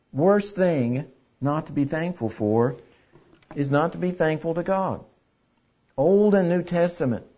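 A man's voice: fairly high pitch, darkish tone, lo-fi sound. A man preaching a sermon in an earnest way, repeating key phrases for emphasis. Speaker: pastor.

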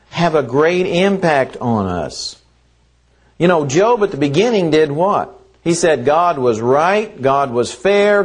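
At an unhurried, deliberate pace, a man delivers a sermon, speaking earnestly and repeating phrases to drive each point home. His voice is slightly high for a man.

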